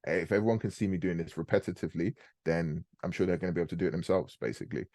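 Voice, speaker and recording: A young man hosting a live trading call, explaining chart setups in a fast, casual, slangy way. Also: low voice, dark tone, no echo, studio quality. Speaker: forex trading host.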